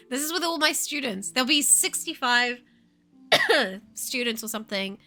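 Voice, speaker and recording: Bright-voiced New woman streamer. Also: sits high, normal speed. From New Zealand. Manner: animated, laughing often, swearing. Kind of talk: casual livestream chat.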